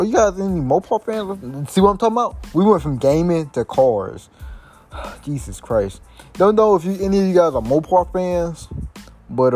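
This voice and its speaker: Rambling young man with a lively voice. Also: medium pitch. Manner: rambling and loose, heavy on slang and "like, bro" fillers. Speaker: podcast host. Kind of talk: casual solo podcast chat.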